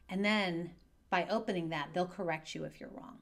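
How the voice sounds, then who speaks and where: A woman coaching parents through divorce in a calm, gentle and measured way, speaking straight to her viewers in an advice video. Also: on the low side. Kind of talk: direct-to-camera advice video.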